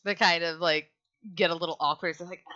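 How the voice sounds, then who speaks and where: A woman runs a tabletop game in a loose, casual way, filling her pauses as she narrates. Her voice sits a little low for a woman but sounds bright and forceful. The audio is dull and lo-fi. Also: steady tone. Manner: casual with many fillers. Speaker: game master.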